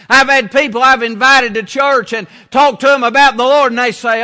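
A man preaching a sermon as pastor, slow and deliberate, repeating his phrases. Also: very high-pitched, sharp tone, in a large hall.

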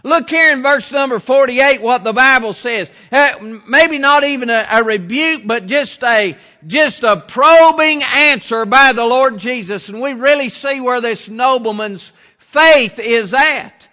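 A man preaching a sermon as pastor, slow and deliberate, repeating his phrases. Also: very high voice, pushed and bright, big-room sound.

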